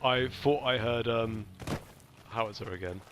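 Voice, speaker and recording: Chatty gamer. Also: male voice, mid-range voice, a little slow, background noise. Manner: chatty, playful asides. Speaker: let's play host. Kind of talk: casual gameplay commentary.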